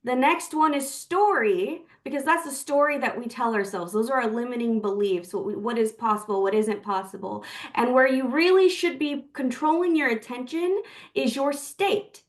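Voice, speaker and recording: A woman talks through her ideas on a group video call in an earnest, explaining way. Her voice is fairly high and sounds set back from the microphone. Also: moderate pace, distant mic. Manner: earnest, explanatory, lots of fillers. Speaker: coaching call participant. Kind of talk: casual sharing on a group call.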